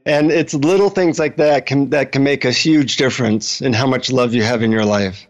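A man who is a relationship author, talking as an interview guest and telling a story in a friendly, animated way. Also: medium pitch, moderate pace, poor audio.

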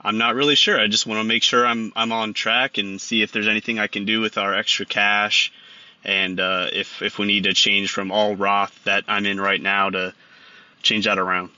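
A Texan man in his thirties calls in over a dull, lo-fi line, his voice sharp and bright with a slightly low pitch. He speaks hesitantly, stumbling and repeating words as he thinks. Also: little pitch movement, moderate pace, dry recording. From Texas. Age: 30s. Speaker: caller. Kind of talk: phone-in conversation. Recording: lo-fi phone line.

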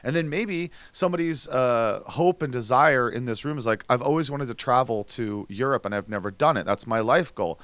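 A man's voice: medium pitch, moderate pace, few pauses, no room sound. Chatty man, dry close mic. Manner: chatty, animated storytelling with restarts. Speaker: podcast co-host. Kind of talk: casual chat.

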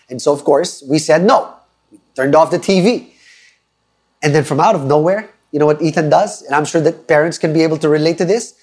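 A man in his thirties preaching an online sermon, earnest and emphatic, telling stories and asking listeners to type responses. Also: a little high.

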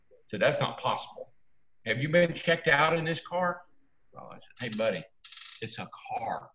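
Older male storyteller, folksy and animated, echoey room. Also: mid-range voice, moderate pace. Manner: folksy, animated, acts out quotes. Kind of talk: casual storytelling.

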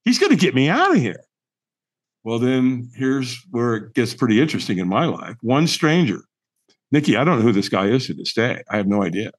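Animated middle-aged man telling a story. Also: medium pitch, fairly quick. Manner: animated, acts out dialogue, emphatic repetition. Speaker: podcast guest. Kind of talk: storytelling in conversation.

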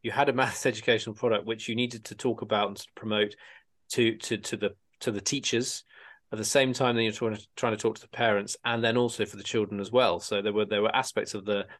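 A man co-hosting a podcast in casual chat, often halting and repeating words as he goes. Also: lowish voice, steady tone, a bit bright. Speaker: podcast co-host.

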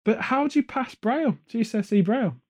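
A man's voice: very high voice, animated, brisk. A man hosting a podcast in casual chat, rambling from joke to joke and off on tangents. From England. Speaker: podcast host. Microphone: headphones on, studio mic.

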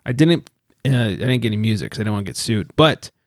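A man's voice: on the low side, lively intonation, fast talker, dry recording, studio quality. A man co-hosting a podcast in casual chat, joking and rambling and swearing now and then. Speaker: podcast co-host.

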